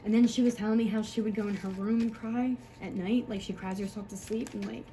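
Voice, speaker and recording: A woman's voice: mid-range voice, fairly even intonation, a little fast, warm tone, slight background noise, low-quality recording. A woman, a mother, talking to camera in a rambling, frustrated way, full of fillers and swearing. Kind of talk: emotional personal monologue.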